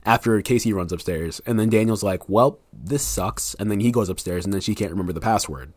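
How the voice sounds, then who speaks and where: A man's voice: fairly low pitch, fast talker, darkish tone, no echo. A young man, a book's author, chatting casually as a podcast guest and acting out scenes from his story.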